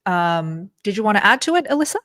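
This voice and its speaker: A woman's voice: medium pitch, big pitch swings, fast, a bit bright. A woman hosting a live stream, reading viewer questions and answering in an upbeat way. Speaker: host.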